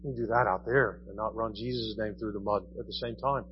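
A man's voice: lowish voice, fairly even intonation, fairly quick, muffled recording, a little hiss or hum. A man preaching a sermon in a conversational style, asking his listeners question after question. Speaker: pastor. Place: church.

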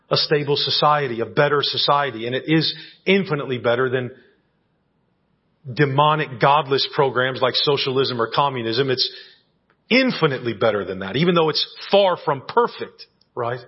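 A man's voice: medium pitch, moderate pace, slightly rough. A male pastor preaching a conversational sermon in a church, often checking in with the congregation. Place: church sanctuary. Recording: dull lo-fi church audio recording.

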